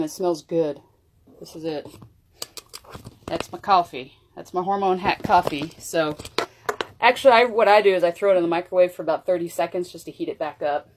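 A woman's voice: on the low side, fairly quick, noisy background. A woman chatting casually on her vlog while she makes a coffee drink, moving around as she talks so her voice comes and goes. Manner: chatty, loose and conversational. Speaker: wellness vlogger. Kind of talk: casual cooking demo chat.

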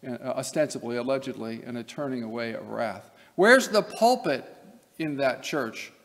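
A man's voice: medium pitch, lively intonation, normal speed, gravelly, a bit bright. A man from Nebraska giving an academic lecture as a seminary professor, emphatic, with wry asides. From Nebraska, USA. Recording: long hall reverb.

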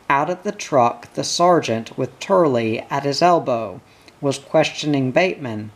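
A reader narrating a short story in a measured, unhurried manner. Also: medium pitch, expressive. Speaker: audiobook reader. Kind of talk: slow literary narration.

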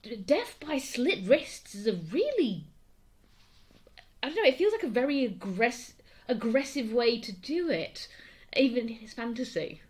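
A woman's voice: on the high side, very animated, unhurried, a little mellow. A woman co-hosting a podcast, talking thoughtfully and casually about a play. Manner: thoughtful, reflective, reads quotes aloud. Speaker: podcast co-host.

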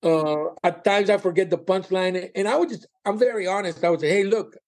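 Male comedian guest, higher voice, animated raconteur, frequent laughter. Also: a little fast. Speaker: comedian and former cruise director. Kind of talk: casual interview storytelling.

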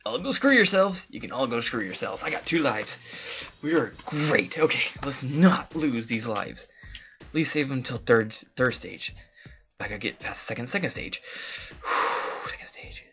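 A let's play host giving live gameplay commentary, excitable, swearing often and talking to the game. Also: mid-range voice, a little slow, soft background music.

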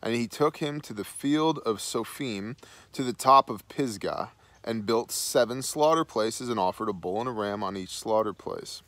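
A man's voice: fairly low pitch, normal speed, a bit bright, no room sound. A man hosting a Bible study, reading scripture aloud and then dropping into slangy, casual asides.

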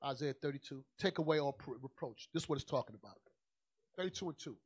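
Male preacher, high-pitched, colloquial and emphatic, swings from muttered asides to shouts. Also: lively intonation, fast talker, slightly rough. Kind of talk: sermon.

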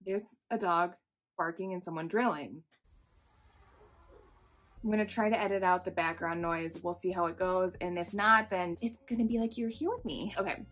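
A woman's voice: fairly low pitch, fairly even intonation, moderate pace, a bit bright. Chatty, swearing woman with a nasal voice. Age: 20s. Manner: chatty, swears freely, self-deprecating. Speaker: makeup artist vlogger. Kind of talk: casual chatty storytime.

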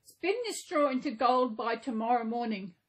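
A woman's voice: fairly high pitch, moderate pace, lightly acted. Woman reading as a stern, demanding king.

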